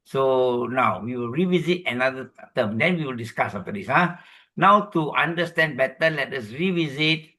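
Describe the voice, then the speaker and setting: Bright-voiced Malaysian man teaching Dharma. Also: medium pitch, lively intonation. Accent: Malaysian English. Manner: explanatory, checking in with "okay?" and "huh?"; slow measured chanting of Pali verses. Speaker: Dhamma speaker. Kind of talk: Buddhist teaching talk with Pali recitation.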